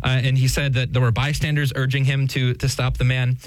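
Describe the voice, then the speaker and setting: A man's voice: medium pitch, level tone, a little fast, dry recording, low-quality recording. Chuckling male co-host, casual news commentary, dry close recording, lots of fillers. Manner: chuckling often, many fillers and restarts. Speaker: podcast co-host.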